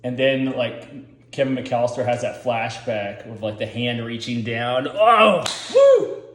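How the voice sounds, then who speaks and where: A man's voice: mid-range voice, flat delivery, unhurried, reverberant, slight background noise. Rambling, profane male commentator. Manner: rambling, profane, full of filler words. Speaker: commentary host.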